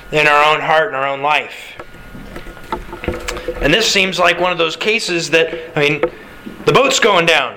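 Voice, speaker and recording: Male pastor, sermon, high voice, forceful bright tone, rhetorical questions. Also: slight background noise, low-quality recording. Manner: animated, conversational, rhetorical questions.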